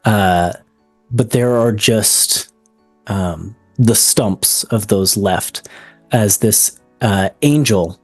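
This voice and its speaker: A man's voice: fairly low pitch, very slow, no room sound, faint music behind. A man narrating as game master of a tabletop game, describing scenes with many ums and likes.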